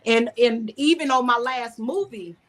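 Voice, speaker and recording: A woman's voice: a little high, measured pace. A woman with a Southern American accent, a screenwriter and singer talking loosely about her work as an interview guest, in restarts and asides. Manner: loose, rambling, talks in restarts and "you know". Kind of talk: casual interview.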